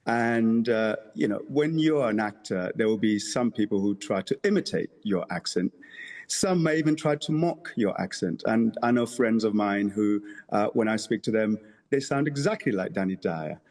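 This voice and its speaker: A man, a councillor, being interviewed on television, who speaks in a measured way, pronouncing every word carefully, with hesitant fillers. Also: fairly low pitch, lively intonation, a little mellow. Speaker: councillor guest.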